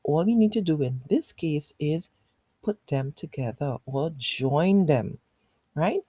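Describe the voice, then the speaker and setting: A woman's voice: low voice, expressive, takes it slowly, dark tone, breathy edge, dry recording. A woman in her thirties teaching a phonics lesson to young children in a patient, encouraging way.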